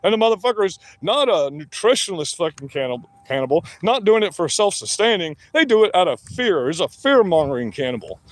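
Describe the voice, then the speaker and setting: With a high, sing-song voice, this male vlogger rants briskly at the camera, barely pausing, in a space with no room sound. It's a combative, heavily profane solo tirade.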